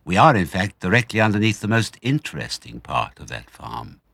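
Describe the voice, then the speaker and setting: Crafty fox father, read by an older man: low husky voice, lively sing-song lines. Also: normal speed, no room sound, heavily acted. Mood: sly. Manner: confident, smooth, gleeful. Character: sly, clever male fox, family father.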